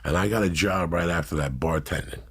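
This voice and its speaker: Gravelly, very low-voiced raspy man. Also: brisk. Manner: brash, crude and animated. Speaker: storyteller guest. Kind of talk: profane casual storytelling.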